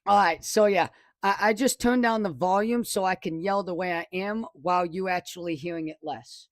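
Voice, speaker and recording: Hosting a weather live stream at home, an excitable man with a high voice rambles along at a normal speed, doubling back to fix what he's said. He's miked close at a desk in a dry room with no room sound.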